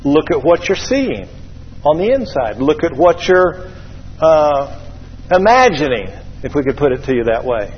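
Joking preacher in an echoey hall. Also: male voice, on the high side, unhurried, a little hiss or hum. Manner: lively, joking, calls for amens. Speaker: pastor. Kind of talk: sermon. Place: church hall. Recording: echoey, slightly dull church hall recording.

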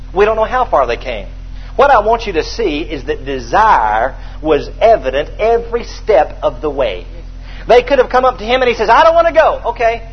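Brief: high-voiced, lively male preacher, theatrical storytelling sermon, dull lo-fi recording. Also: slightly rough. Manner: animated storytelling, acting out scenes, calls for response.

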